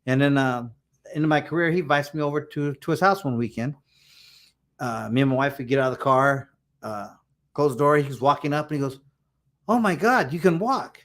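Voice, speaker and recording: A man's voice: mid-range voice, brisk, a bit bright. A man in his fifties hosting an interview, telling a long story and acting out the dialogue in it. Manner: rambling, repeats words, acts out quoted dialogue. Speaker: interview host, former boxer.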